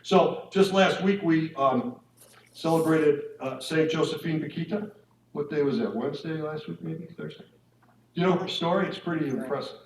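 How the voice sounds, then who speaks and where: A man's voice: on the high side, moderate pace, creaky, slight background noise. A man giving a conversational faith talk to couples at a parish marriage evening. He speaks informally and keeps checking in with his listeners through tag questions. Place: church hall or meeting room. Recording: echoey room, mic at a distance.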